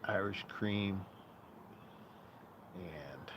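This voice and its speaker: Male streamer host, lowish voice, loose rambling profane chatter, outdoor noise behind. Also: drawn-out words, gravelly, highs cut off. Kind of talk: casual live-stream chat. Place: outdoor patio.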